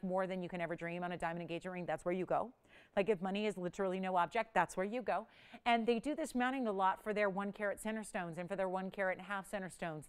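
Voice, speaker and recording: A woman hosting a live jewelry shopping show, pitching rings in an enthusiastic, chatty way with quick asides. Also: smooth.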